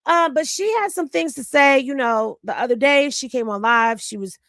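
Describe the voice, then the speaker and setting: A woman's voice: high voice, moderate pace, fairly bright tone, dry recording, clean studio sound. A tired woman, chatting with viewers about celebrity gossip on a home livestream. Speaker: livestream host. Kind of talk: casual livestream chat.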